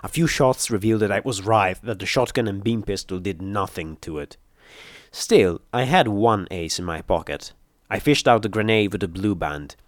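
A man reading an action story aloud in first-person narration, with steady, dramatic storytelling. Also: fairly low pitch, moderate pace, dry recording, studio quality. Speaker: audiobook reader.

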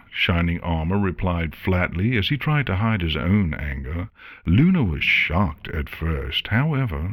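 A man reads a fan story aloud, expressive in his delivery. His voice sits very low and husky, with a lively, wide-ranging pitch. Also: dry recording, studio quality. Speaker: narrator. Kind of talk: storybook reading.

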